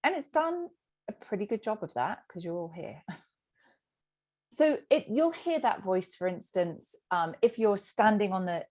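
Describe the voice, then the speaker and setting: A woman's voice: mid-range voice, measured pace. A middle-aged woman, a sobriety coach teaching a group session and acting out the inner voice. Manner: animated, acts out inner voices.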